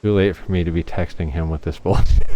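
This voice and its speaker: A male streamer chatting casually over gameplay in a fairly low voice. He talks at an unhurried, drawn-out pace and keeps breaking into playful giggles. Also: fairly bright tone, slight background noise. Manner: giggly, playfully joking with chat.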